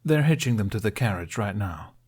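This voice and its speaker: A man voicing an exasperated young Viking squire who shouts at his reckless friends. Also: on the low side, expressive, a little fast, breathy edge.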